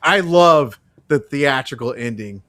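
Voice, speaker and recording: Brief: male panelist, mid pitch, halting and hesitant, dry close sound. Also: expressive, fairly bright tone, no room sound. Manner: halting, many fillers and restarts. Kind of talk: casual live film review chat.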